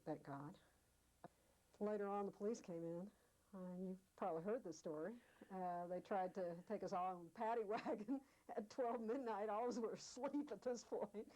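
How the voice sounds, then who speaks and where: Oral history interviewee, female, low mellow voice, lively storyteller who quotes people. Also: poor audio. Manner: vivid storyteller, acts out quoted speech. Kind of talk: storytelling recollection.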